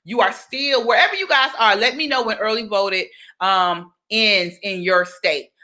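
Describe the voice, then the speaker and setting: A young woman from Georgia, chatting casually on a livestream, animated and talkative. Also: mid-range voice, measured pace. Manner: chatty, animated, breaks into sung exclamations. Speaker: livestream host.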